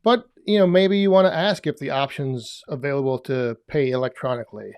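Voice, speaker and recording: A man's voice: medium pitch, a little fast, darkish tone. A man co-hosting a casual podcast, talking in an easygoing way and chuckling often. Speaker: podcast co-host.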